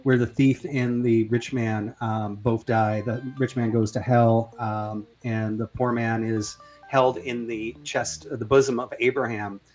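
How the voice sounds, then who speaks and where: A man's voice: mid-range voice, flat delivery, measured pace, few pauses, a little mellow, faint music behind. Hesitant man hosting a religion discussion. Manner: hesitant, many fillers and restarts. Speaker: debate host. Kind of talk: casual discussion.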